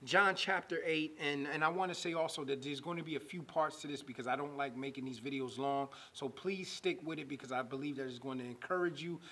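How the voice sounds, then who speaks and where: Preacher, male, slightly high husky voice, builds to forceful emphatic peaks, stretches out scripture readings. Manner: rising to loud emphatic preaching, slowing to draw out scripture. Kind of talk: sermon.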